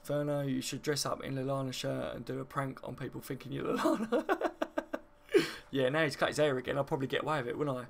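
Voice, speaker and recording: A man's voice: mid-range voice, lively intonation, fast, gravelly. A man, hosting a live football stream and chatting matily with viewers as he reads the chat. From Kent, England. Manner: chatty and matey, laughs often, calls viewers mate. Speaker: football channel host. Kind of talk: live stream chat reading and match reaction.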